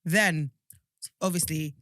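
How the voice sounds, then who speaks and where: Woman, podcast co-host, casual chat, emphatic, bright, dry sound. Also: sits low, takes it slowly, no echo. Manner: emphatic, indignant, many restarts.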